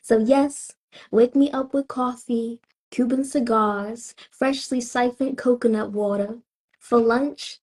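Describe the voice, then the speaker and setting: A spoken word poet from Tampa, Florida, a woman with a Southern accent, delivering her lines in a slow, rhythmic way with weighty pauses. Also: on the high side, dark tone, husky. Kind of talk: spoken word poetry performance.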